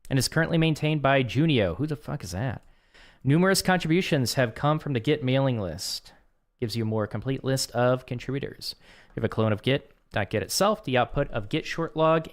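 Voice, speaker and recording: Casual streamer man reading and reacting. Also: mid-range voice. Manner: reads lesson text aloud and reacts with offhand remarks. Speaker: streamer working through a coding course. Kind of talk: casual live-stream commentary.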